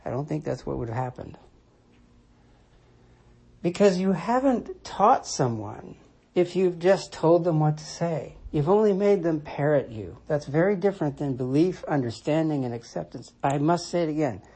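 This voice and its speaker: A commentator talks alone in a slow, deliberate way, repeating key points for weight. The voice is warm and relaxed, with a breathy, slightly husky edge. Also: medium pitch. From United States. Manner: measured and deliberate, restating points for emphasis. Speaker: Christian commentator. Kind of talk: reflective solo monologue.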